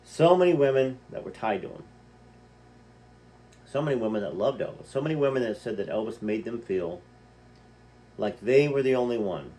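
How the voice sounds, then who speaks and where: A man with a mellow, medium-pitched voice reads a book aloud, pausing to comment. He speaks conversationally and directly to his listeners, putting questions to them.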